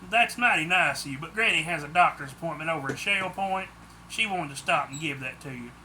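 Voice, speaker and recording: A man's voice: on the high side, fairly quick, bright, forceful tone, a little hiss or hum. A man voicing a friendly, chatty southern neighbor with a thick Southern US accent, folksy and eager.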